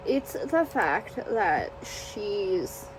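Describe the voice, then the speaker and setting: A woman's voice: medium pitch, sing-song, drawn-out words, noisy background. A woman casually chatting about a book she read, rambling and profane. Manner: rambling and profane, lots of fillers. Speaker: book reviewer. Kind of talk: casual chat.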